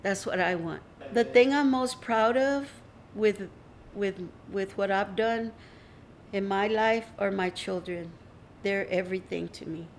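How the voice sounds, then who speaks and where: Gravelly older woman recalling childhood. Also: medium pitch, measured pace, slight background noise. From North Side of Houston, USA. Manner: reflective, emotional, fond storytelling. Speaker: interviewee. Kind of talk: personal oral-history account.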